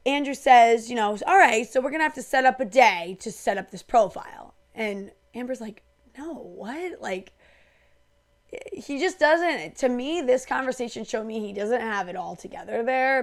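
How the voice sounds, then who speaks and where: Chatty woman with a gravelly voice. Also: a little high. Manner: chatty, opinionated, lots of fillers like "like" and "um". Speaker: reality TV recap host. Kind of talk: casual recap talk to camera.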